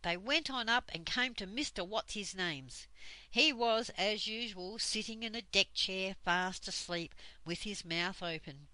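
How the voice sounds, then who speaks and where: An older woman reading a children's book aloud as a storyteller, gentle and unhurried. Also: medium pitch, no echo, rough recording.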